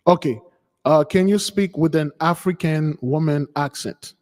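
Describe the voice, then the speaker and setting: A man's voice: on the high side, a little slow, darkish tone, long reverb tail. A man hosting a spiritual channel, chatting casually with listeners he calls beloved, often repeating and restarting his words. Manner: repetitive, stammering, addresses listeners as beloved. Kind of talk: casual live commentary.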